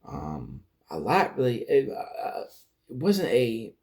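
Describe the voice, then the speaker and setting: Taking it slowly, a man rambles through a casual recap of a TV episode, restarting often and acting out lines from scenes. His medium-pitched voice has a darkish tone and swoops wildly in pitch.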